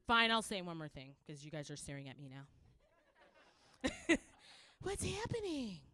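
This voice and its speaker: A young Canadian woman with a Canadian accent performs a loud, animated stand-up set, acting out characters and laughing often. Her voice sits on the low side.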